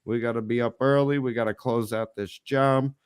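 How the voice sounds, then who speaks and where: A man's voice: mid-range voice, fairly even intonation, moderate pace, smooth, dry recording, studio quality. A man co-hosting a live online show, talking in a brash, profane, teasing way. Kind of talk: casual live-stream chat.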